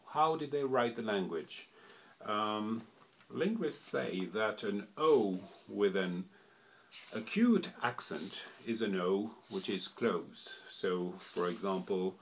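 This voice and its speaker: Man, lowish voice, slow and deliberate, unscripted explainer who stops often to think, faint noise behind him. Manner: unhurried, thinking aloud with many fillers. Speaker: language explainer.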